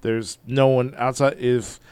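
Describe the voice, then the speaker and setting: A man's voice: mid-range voice, level tone, unhurried, a little mellow, clean tone, no room sound. A man from Philadelphia co-hosting a sports podcast, giving analytical takes in casual chat and running long points together.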